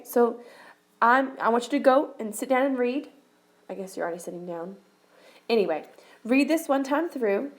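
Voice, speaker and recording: A woman's voice: high voice, a little mellow, poor audio. Upbeat woman teacher talking students through. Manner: encouraging, repeats okay, talks students through steps. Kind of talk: recorded reading lesson for students.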